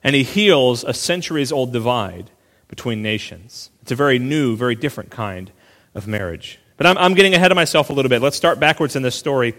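A male pastor preaching a sermon in a relaxed, conversational way, full of asides and quick restarts. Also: mid-range voice, long reverb tail.

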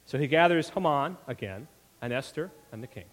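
Animated preacher in a reverberant hall. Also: male voice, mid-range voice, brisk. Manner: conversational, frequent "right?" asides. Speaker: pastor. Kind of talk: sermon. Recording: long reverb of a large hall.

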